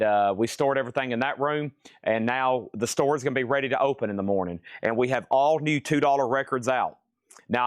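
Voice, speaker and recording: A man's voice: medium pitch, dry recording, clean studio sound. A man selling vinyl records in a live-streamed auction from a record store, chatting and joking between calling out prices. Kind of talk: live auction sales patter.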